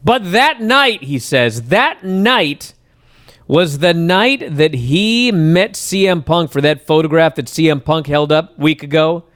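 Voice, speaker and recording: A male radio host with a fairly high voice that swings up and down all over the place. He recaps at length like an eager storyteller, and his voice sits dry and close to the mic. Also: lively intonation, measured pace, fairly bright tone, dry recording. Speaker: wrestling radio show host. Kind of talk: casual podcast talk.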